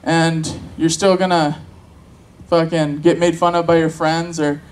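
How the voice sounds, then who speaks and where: A man's voice: on the high side, level tone, unhurried, poor audio. A man doing crude, rambling, self-mocking open-mic stand-up on a convention stage. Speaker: stand-up comic. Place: convention stage with live audience.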